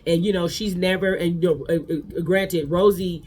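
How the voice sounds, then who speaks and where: A man's voice: high-pitched, fairly even intonation, moderate pace, darkish tone, breathy edge. A man giving a casual, sassy gossip recap of a reality show, talking straight to his viewers.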